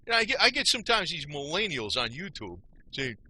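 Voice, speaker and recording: A man's voice: on the high side, sing-song, a little fast, bright, forceful tone, a little hiss or hum. A man ranting on his own video channel, blunt and angry, repeating himself with casual slang. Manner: casual slang, frequent "man" and "you know". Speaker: YouTube video maker. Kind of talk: ranting monologue.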